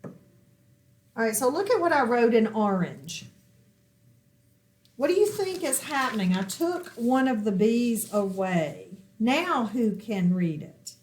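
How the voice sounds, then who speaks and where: A woman's voice: a little high, big pitch swings, takes it slowly, darkish tone. A woman teaching a phonics lesson at a whiteboard, patiently asking questions and answering them herself. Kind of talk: recorded classroom lesson at a whiteboard.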